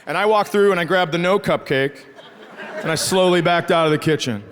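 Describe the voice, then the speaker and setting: A man's voice: high-pitched, fairly quick, noisy background. A middle-aged man from the Midwest doing a sardonic, profane stand-up set, acting out the people in his stories. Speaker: stand-up comedian. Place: theater stage before a live audience. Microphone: stage microphone. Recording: live crowd laughing throughout. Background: audience laughter.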